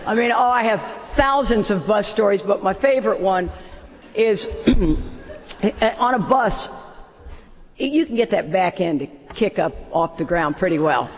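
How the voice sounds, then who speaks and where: An older woman opens a talk with a long personal story, animated and poking fun at herself. Her medium-pitched voice moves a little slowly, and the recording sounds muffled, as if in a roomy hall.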